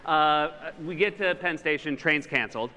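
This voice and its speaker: A man's voice: on the high side, normal speed, long reverb tail. A man, a comedian on a conference panel, telling stories in a casual onstage chat and laughing as he goes. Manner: animated, laughs through his stories. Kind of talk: casual onstage conversation, storytelling. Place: conference stage in a large hall.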